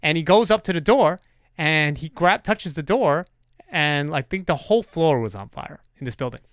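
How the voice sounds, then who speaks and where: Man, podcast host, casual chat, swears a lot, lively voice, dry close mic. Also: on the high side, moderate pace, dry recording. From New York. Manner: animated storyteller, swears freely.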